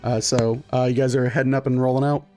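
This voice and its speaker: A man's voice: mid-range voice, little pitch movement, quick pace, darkish tone, soft background music. A man narrating a tabletop game as game master, in a loose, filler-heavy way.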